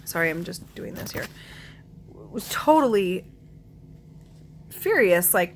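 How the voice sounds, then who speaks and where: A woman in her forties telling her family's story to camera in an earnest, emotional way, often pausing to search for words and clearing her throat now and then. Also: medium pitch, lively intonation, slight background noise.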